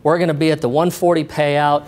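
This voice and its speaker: A man's voice: on the high side, flat delivery, fairly quick, a little mellow, close to an everyday voice. A man acting out his blunt, angry middle-aged boss scolding him. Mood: incredulous.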